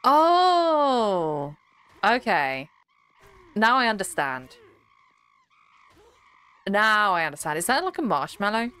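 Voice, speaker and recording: A woman's voice: mid-range voice, sing-song, unhurried, long pauses, pushed and bright, smooth. A young woman streaming, chatting casually with her live chat in a rambling, giggly way.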